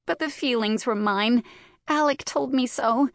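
A woman voicing a remorseful teenage girl who pleads through choked sobs, pitched well above her own voice. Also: measured pace, no room sound, clean studio sound. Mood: pleading. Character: tearful teenage girl, remorseful younger sister.

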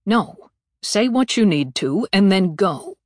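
A woman's voice: medium pitch, expressive, takes it slowly, darkish tone, no room sound, clean studio sound. A woman reading an audiobook, voicing a stiff, formal male ambassador who speaks curtly.

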